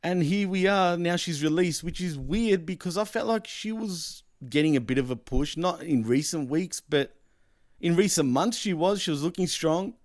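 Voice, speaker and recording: A man co-hosting a casual wrestling podcast, chatty and quick to laugh, often saying "let's be honest". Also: fairly high pitch, no room sound, clean studio sound. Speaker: podcast co-host.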